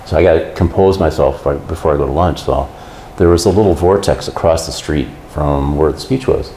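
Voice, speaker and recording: Deep-voiced guy telling a story, acts out quotes, echoey room, faint hum behind. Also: fairly quick, dark tone. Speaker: guest. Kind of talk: casual storytelling.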